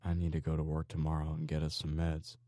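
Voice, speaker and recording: A man's voice: very deep voice, completely flat delivery, quick pace, dark tone, dry recording. A man doing a tired, mumbling mother. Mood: worried. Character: worn-out mother with a headache.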